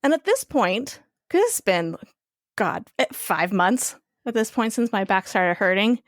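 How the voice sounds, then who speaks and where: A woman co-hosting a podcast, telling a personal story in a casual, animated way and swearing freely. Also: mid-range voice, measured pace, dry recording, clean studio sound. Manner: animated, swears freely, acts out quoted voices. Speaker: podcast co-host.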